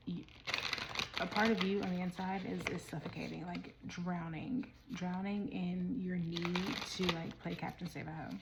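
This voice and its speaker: Woman tarot reader, casual and rambling, winded, flat delivery with little pitch movement. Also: noisy background. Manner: rambling, restarts and trails off mid-thought. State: out of breath.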